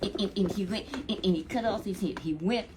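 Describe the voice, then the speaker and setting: A woman storyteller telling a Bible story in an animated, chatty way with lots of repetition. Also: medium pitch, fairly quick, background noise.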